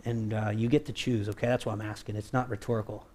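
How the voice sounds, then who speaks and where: A man's voice: fairly low pitch, quick pace. A man preaching a conversational sermon as pastor, acting out quoted voices and often checking in with "right?". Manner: animated, acts out quoted voices, keeps asking "right?".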